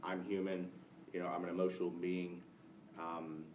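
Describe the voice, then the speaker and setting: A man's voice: deep voice, little pitch movement, moderate pace. A man in the audience asking a long, rambling question that he works out as he goes. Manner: searching, rambling question with many restarts. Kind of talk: spoken question from the floor. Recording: echoey, far-off room mic with faint noise.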